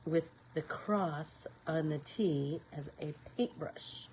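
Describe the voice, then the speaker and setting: A woman's voice: low-pitched, takes it slowly, few pauses, darkish tone, rough recording. A woman hosting a live painting tutorial, talking casually to viewers and to herself as she works. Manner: talks to herself while working, rambling. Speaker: craft show host.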